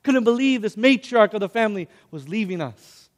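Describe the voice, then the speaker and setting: A man's voice: high-pitched, animated, normal speed, in a large hall. A male preacher telling a personal story in an emotional sermon, addressing the congregation.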